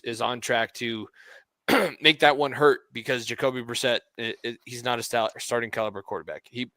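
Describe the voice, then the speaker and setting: A man's voice: mid-range voice, pushed and bright, no room sound. A man co-hosting a casual sports podcast, often restarting his sentences. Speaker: podcast co-host.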